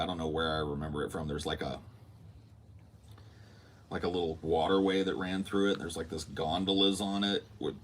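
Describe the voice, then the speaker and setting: Podcast host, male, very deep voice, animated casual storyteller who swears. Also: slight background noise. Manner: animated, acts out quotes, swears freely.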